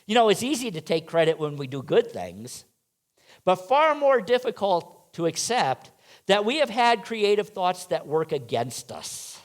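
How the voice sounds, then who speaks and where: High-voiced man giving a sermon. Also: big pitch swings, a little slow. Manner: rhetorical questions, playful asides to the congregation. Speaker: minister. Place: church sanctuary.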